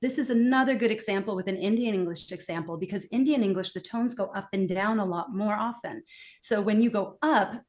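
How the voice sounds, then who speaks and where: Woman explaining stuff in an interview, animated, acts out little reactions, mid pitch. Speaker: guest expert on accents.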